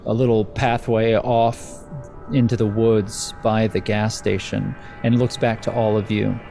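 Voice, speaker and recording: Brief: low, dark-toned male game master, calm and measured scene narration. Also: vocal fry, faint music behind. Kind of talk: narrating a tabletop horror game.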